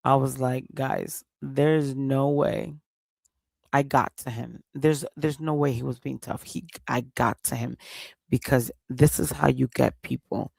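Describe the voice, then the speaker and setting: A man's voice: medium pitch, steady tone, normal speed, creaky, slightly rough, no echo. A man hosting a livestream, ranting in a heated, profane way and repeating his points. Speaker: livestream host. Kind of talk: casual livestream rant.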